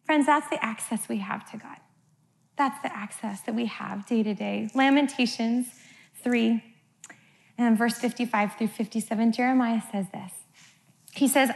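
Middle-aged woman, church speaker, slightly high voice, chatty sermon style that keeps checking in with the room. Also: normal speed, gravelly. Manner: chatty, keeps asking "right?" of the crowd; acts out her kids' voices playfully. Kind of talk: conversational sermon.

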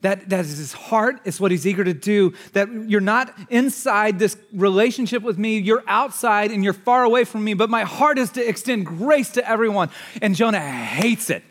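A pastor with a high voice preaches to a congregation in church at a moderate pace. His delivery is energetic and conversational, swinging from loud outbursts to hushed asides.

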